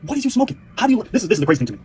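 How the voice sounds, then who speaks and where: A man's voice: high-pitched, sing-song, rapid-fire, warm tone, slight background noise. A man ranting in a clip, brash and mocking, heated and full of laughter. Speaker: online commentator. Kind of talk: profane reaction rant.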